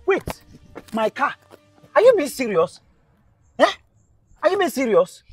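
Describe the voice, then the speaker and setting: A man acting a panicked, shouting husband who has lost his car in a comedy skit. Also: extremely high pitch, big pitch swings, a little slow, breathy edge, soft background music, full character voice. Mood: frantic angry. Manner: frantic, shouting, exclamatory.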